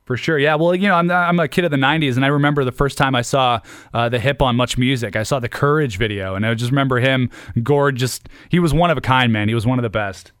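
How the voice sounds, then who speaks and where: Fast-talking male radio host. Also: mid-range voice, fairly bright tone, smooth, no room sound, studio quality. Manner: friendly, agreeable, quick replies. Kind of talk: call-in radio chat. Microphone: studio mic.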